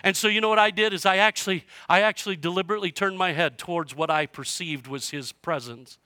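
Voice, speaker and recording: A male pastor preaching to his church, his voice fairly high and bright. He swings from quiet, hushed stretches to loud, passionate declarations. The sound is close and dry. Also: quick pace, no echo. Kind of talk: sermon. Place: church sanctuary.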